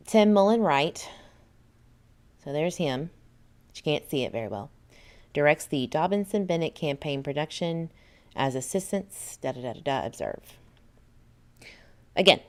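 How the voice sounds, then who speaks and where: This livestream host, a woman with a Southern US accent, has a low-pitched voice and a darkish tone. She chats casually, reads viewer comments out loud, and laughs frequently.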